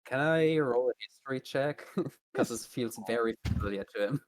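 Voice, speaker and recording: A man's voice: medium pitch, moderate pace, a crowd in the background. A man playing in a tabletop game, talking in a hesitant, stammering way. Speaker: player. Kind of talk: casual tabletop play.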